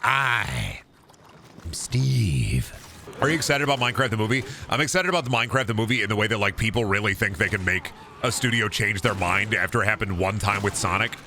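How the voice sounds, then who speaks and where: A man's voice: fairly low pitch, quick pace, hardly any pauses, sharp tone, slight background noise. A man streaming a video game, chatting casually with a profane, ranting manner and riffing with his chat.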